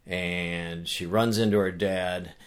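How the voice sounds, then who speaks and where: A man talking as a guest in a casual conversation, telling a story with animated energy and earnest restarts. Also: sits low, slow. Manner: animated storyteller who acts out voices. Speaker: author and guest.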